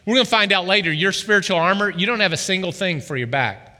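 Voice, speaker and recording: A man preaching a sermon as pastor, animated and calling out questions to his congregation. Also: high voice, fast talker, in a large hall.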